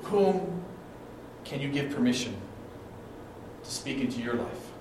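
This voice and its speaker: A man's voice: medium pitch, expressive, unhurried. A middle-aged man preaches from the pulpit, drawing out stories and acting out voices. His voice rings through a roomy sanctuary and reaches the mic from a distance, with a faint hum of the room behind him. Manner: storytelling preacher, acts out quotes, dynamic swings in volume. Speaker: pastor. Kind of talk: sermon. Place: church sanctuary. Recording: echoey church hall, mic at a distance.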